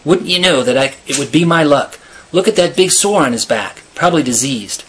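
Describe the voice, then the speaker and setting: A man reading aloud voices a gruff male seal hunter who growls and grumbles in disgust. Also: fairly high pitch, lively intonation, fairly quick, a bit bright, a little hiss or hum. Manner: growling, disgruntled.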